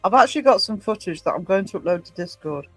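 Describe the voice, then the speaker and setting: A woman from Northumberland with a soft Northumbrian English accent, chatting casually as a podcast co-host, blunt and quick to swear. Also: mid-range voice, expressive, slightly rough, dry recording, faint music behind, poor audio. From Northumberland, England. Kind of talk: casual chat.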